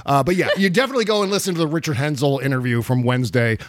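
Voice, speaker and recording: A man's voice: medium pitch, racing, no room sound, clean studio sound. A man hosting a podcast in casual chat, rambling and laughing often. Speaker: podcast host.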